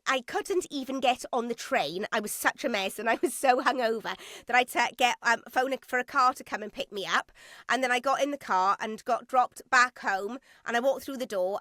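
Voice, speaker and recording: A woman in her forties recounts an emotional story in a podcast interview. Her voice sits a little high and sounds bright, with a dry, close studio sound. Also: no echo. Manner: emotional, animated anecdote with quoted asides. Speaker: guest actress. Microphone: podcast studio mic.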